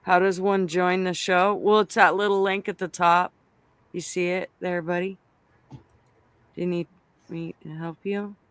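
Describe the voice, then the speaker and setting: A man's voice: high-pitched, little pitch movement, measured pace, pauses often, fairly bright tone, clean tone, dry recording. A man hosting a casual online panel on a video call, teasing the guests as he talks. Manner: teasing, laughing. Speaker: host. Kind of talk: casual chat.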